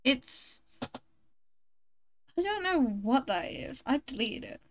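A woman streams a game and chats over it in a fairly high voice. She is blunt and teasing, and she swears freely as she rambles. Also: very animated, slow pace. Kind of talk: casual chat while gaming.

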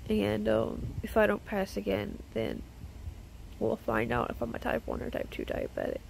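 A woman vlogger talking to camera in a personal video diary, close to tears, halting with many pauses and restarts. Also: medium pitch, little pitch movement, vocal fry, slight background noise, poor audio.

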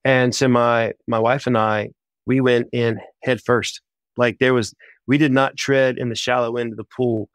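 A man, a missionary guest on a podcast, telling his story in a casual, animated way. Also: mid-range voice, no room sound. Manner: animated, chatty, quick bursts.

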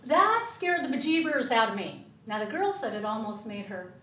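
A woman giving an animated testimony and teaching in a Sunday school class, speaking emphatically in a church room. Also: on the high side, moderate pace, slight background noise. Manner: animated, emphatic storytelling with laughs. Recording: echoey room, far from the mic.

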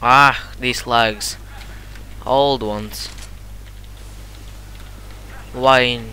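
Excitable, slow-talking gamer man. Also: medium pitch, a little hiss or hum. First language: not English. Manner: excitable, cursing, sudden shouts at the game; halting non-native English with searching for words. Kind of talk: gameplay commentary with voice chat.

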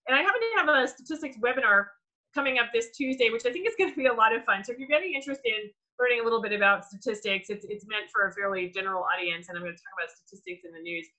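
Female lecturer, bright and lively, teaching by video call with plenty of ums. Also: a little high, rapid-fire, low-quality recording. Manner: energetic teacher, explains with examples, many ums. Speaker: workshop speaker. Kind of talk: online lecture with Q&A.

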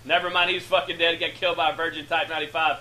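Man, lofty voice, gleaming tone, excitable, cussing, comic play-by-play caster. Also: fairly high pitch, very fast, a little hiss or hum. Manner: excitable, hyped, laughing, swearing freely. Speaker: gameplay shoutcaster. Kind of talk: profane comic play-by-play commentary.

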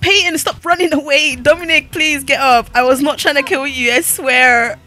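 A woman's voice: sits high, steady tone, normal speed, bright, forceful tone, faint music behind. A young woman giving sassy, laughing commentary while playing a life-sim game. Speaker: gaming YouTuber. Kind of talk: let's-play commentary.

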